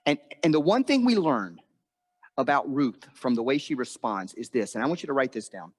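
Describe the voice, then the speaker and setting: A man preaching a sermon, telling a story and acting out the quoted voices with big swings in pitch. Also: big pitch swings, moderate pace, husky, big-room sound. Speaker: pastor. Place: church auditorium.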